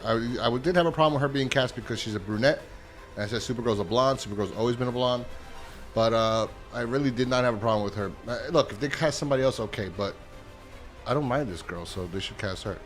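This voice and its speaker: A man giving a casual spoken movie review as a channel host, rambling and profane, getting worked up and incredulous. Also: medium pitch.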